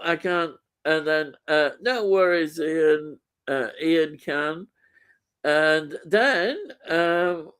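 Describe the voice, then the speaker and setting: A man's voice: a little high, a bit bright, smooth. A man co-hosting a casual live stream, reading out viewer comments with lots of ums and easy laughter.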